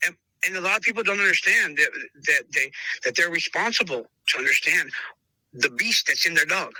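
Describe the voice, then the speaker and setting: A man's voice: on the high side, lively intonation, fairly quick, sharp tone, dry recording, poor audio. A man who breeds dogs, telling stories in a casual interview and acting out both sides of past conversations, often calling the listener brother. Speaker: dog breeder.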